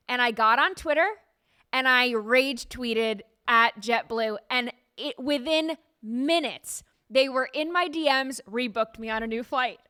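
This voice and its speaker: In a studio, a woman podcast host chats casually and tells stories animatedly, laughing often. Her voice is high-pitched and clean, and the recording is dry.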